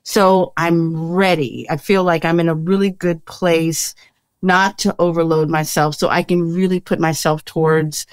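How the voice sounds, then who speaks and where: A woman with a somewhat low voice speaks in a reflective, conversational way, working out her thoughts aloud. The recording is dry. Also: fairly even intonation, unhurried, no echo. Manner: reflective, thinks out loud with restarts. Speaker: co-host. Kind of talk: casual conversation.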